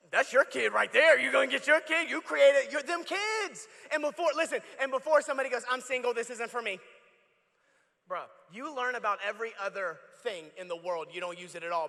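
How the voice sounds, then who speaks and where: High, bright-voiced joking male preacher. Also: gravelly. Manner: joking, conversational preaching with the crowd. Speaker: guest pastor. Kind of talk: sermon. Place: church sanctuary. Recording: long reverb of a large church hall.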